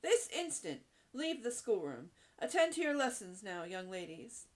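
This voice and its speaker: A woman's voice: mid-range voice, sing-song, unhurried. A woman voicing a stern, angry schoolmistress in a storybook reading, scolding sharply. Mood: furious.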